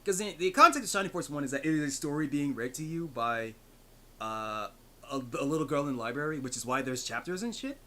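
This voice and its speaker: A man's voice: a little high, lively intonation, brisk, sharp tone, a little hiss or hum. A man streaming a retro video game, chatting casually, rambling through asides and swearing freely. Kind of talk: casual gaming commentary. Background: game music.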